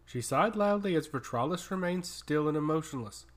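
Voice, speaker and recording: A man narrating a fantasy story in a steady, even storytelling way. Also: a little high, moderate pace, few pauses. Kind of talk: scripted fantasy audiobook narration.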